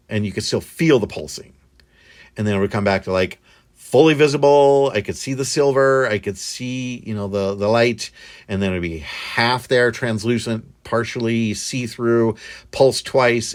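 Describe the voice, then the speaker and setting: A man recounting a strange experience in casual, halting speech full of fillers and restarts. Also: on the low side. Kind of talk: casual storytelling.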